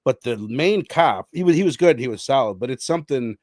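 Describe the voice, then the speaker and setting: A man in a relaxed movie chat who gets lively and playful, jumping into little impressions of lines he loved. His voice sits at a middle pitch, and the recording is dry, with no room sound around him. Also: brisk, dry recording. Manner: animated, quotes film lines in playful voices. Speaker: podcast co-host. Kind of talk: casual film discussion.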